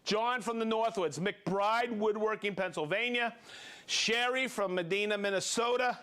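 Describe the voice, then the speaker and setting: A man's voice: high voice, pushed and bright. A man hosting a live stream, reading out viewers' names and hometowns in an upbeat, playful way. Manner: upbeat, playful, reads names and places quickly. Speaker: host.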